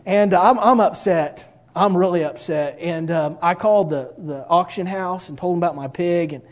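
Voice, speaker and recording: A man's voice: sits high, normal speed. A middle-aged man, telling a folksy, self-mocking personal story with a moral.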